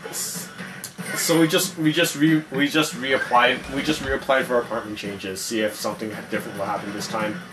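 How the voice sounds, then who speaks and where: A man's voice: medium pitch, fairly even intonation, moderate pace, over music. A young man in college telling a rambling, profane story while chatting casually over gameplay. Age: young adult. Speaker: gamer and podcast-style co-host.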